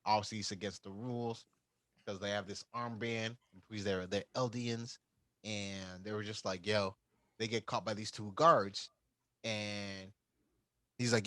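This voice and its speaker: A man's voice: lowish voice, fairly even intonation, a little slow, bright, forceful tone, dry recording, rough recording. A man co-hosting a podcast, casually recapping an anime plot and acting out the characters' lines. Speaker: podcast co-host.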